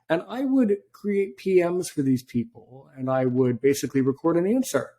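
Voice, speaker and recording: A man's voice: fairly high pitch, lively intonation, normal speed, a little mellow. A man hosting a podcast interview, talking in a rambling way with tangents. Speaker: podcast host. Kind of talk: casual interview chat.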